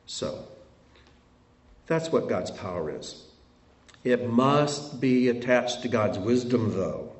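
A man's voice: medium pitch, animated, slow pace, pauses often. A middle-aged man preaching a sermon as a pastor, conversational, asking his congregation rhetorical questions. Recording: roomy sound from a distant mic.

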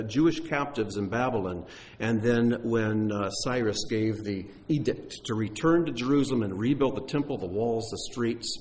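A man teaching on Bible texts, explaining in a conversational way with occasional fillers. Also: medium pitch.

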